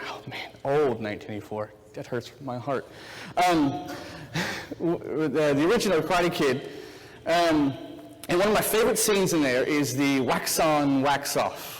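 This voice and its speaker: Guy in his 30s preaching casually, kinda high voice, lots of storytelling, church hall echo. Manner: chatty, storytelling with acted-out quotes. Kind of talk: casual sermon.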